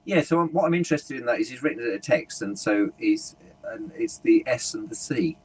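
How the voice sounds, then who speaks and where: A man's voice: mid-range voice, expressive, fairly quick, breathy edge. A man being interviewed as a guest speaker, telling stories animatedly and acting out little quoted asides. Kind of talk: conversational interview.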